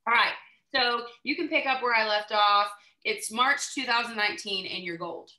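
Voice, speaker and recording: A woman hosting a team video call, giving a high-energy motivational talk that she peppers with "right?" and "okay?". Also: normal speed, pushed and bright, echoey room, rough recording.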